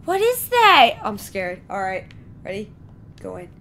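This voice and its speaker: A woman's voice: medium pitch, huge pitch swings, a little slow, fairly bright tone, a little hiss or hum. A woman hosting a horror game let's play, jumpy and often screaming and repeating herself as she comments.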